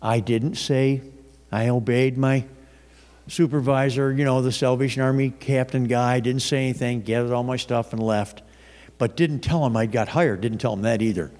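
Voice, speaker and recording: Preacher, man, mid-pitched voice, chatty storytelling sermon with restarts, long hall reverb. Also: moderate pace. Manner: conversational, animated storytelling with frequent restarts.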